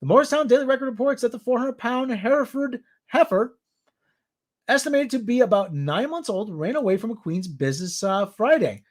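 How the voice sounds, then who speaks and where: A man hosts a casual news roundup. His voice sits high and swings widely in pitch. He rambles and tosses in jokey asides. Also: animated, fairly quick. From New York area. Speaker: show host.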